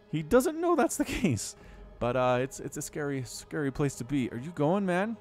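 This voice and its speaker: A young man casting a strategy game, chatty and animated, jumping up sharply when the action heats up. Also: medium pitch. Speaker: game caster. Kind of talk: game commentary.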